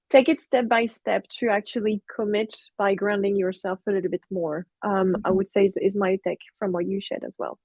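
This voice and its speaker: Young female podcast host, slightly husky, dry close recording, reflective. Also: medium pitch, no echo. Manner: warm, reflective, thinks aloud with fillers. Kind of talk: casual conversation.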